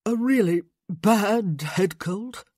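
A woman voicing a sick young gentleman with a fever, croaking and mumbling slowly with dry, deflecting humor in an audiobook. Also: medium pitch, animated, dry recording, voice pushed up. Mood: weak, wry. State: ill, weak. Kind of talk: audiobook character voice.

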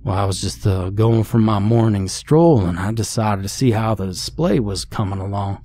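A man's voice: on the low side, moderate pace, mellow, natural voice. A man doing a folksy old farmer. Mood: friendly. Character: older male farmer neighbor, stern but friendly.

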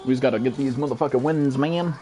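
Profane excitable young American man streaming. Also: mid-range voice, fast, slight background noise. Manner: profane, excitable, reads chat aloud. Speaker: game streamer. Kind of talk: live gameplay commentary.

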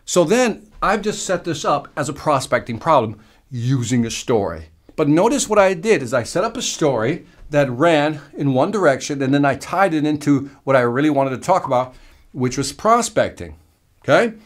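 Man, sales trainer, energetic, emphatic, very lively pitch, slightly high voice. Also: normal speed. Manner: energetic, emphatic, acts out quotes from the stage. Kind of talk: teaching a sales lesson to camera.

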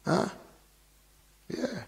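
A man giving an informal sermon in a conversational preaching manner, often adding "you know" and then bursting into loud emphasis. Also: very slow, long reverb tail. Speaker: Bible teacher.

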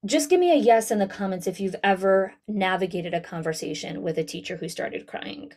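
A woman coaching school leaders in an online town hall, talking directly and lively to her audience. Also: medium pitch, fairly quick. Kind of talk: webinar talk.

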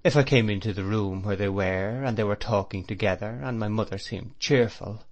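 An adult man narrating a classic novel as an audiobook, measured and expressive. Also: lowish voice.

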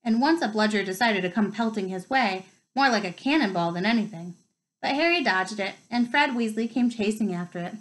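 Woman reading a novel aloud, expressive. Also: medium pitch, a little fast, low-quality recording. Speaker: reader.

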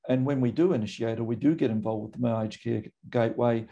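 Gravelly Australian man, measured and dark-toned. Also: mid-range voice, highs cut off. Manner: measured, thoughtful, with frequent ums. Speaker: GP and medical association guest. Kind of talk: recorded conversation.

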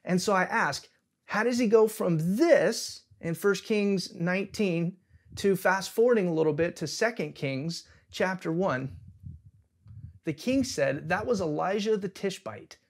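High-voiced man preaching casually. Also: lively intonation, unhurried. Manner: conversational, humorous retellings. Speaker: pastor. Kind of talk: casual sermon. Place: church service.

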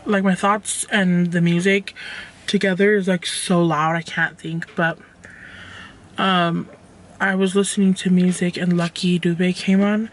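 A woman's voice: on the low side, little pitch movement, a little slow. A young woman talking casually to her camera while driving, rambling and frank. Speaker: vlogger. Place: inside a car. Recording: loud car noise.

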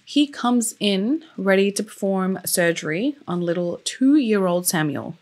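A woman's voice: medium pitch, expressive, measured pace, a little mellow. A young woman who is a true crime YouTuber, telling a case in a loose, chatty way with many fillers and open emotion. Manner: openly emotional about the story. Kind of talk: casual storytelling.

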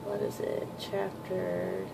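A woman chatting casually as she pages through a new manga volume, rambling and gushing with excitement, with a slightly sore throat. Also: lowish voice, takes it slowly, gravelly, very noisy. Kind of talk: casual unboxing chat.

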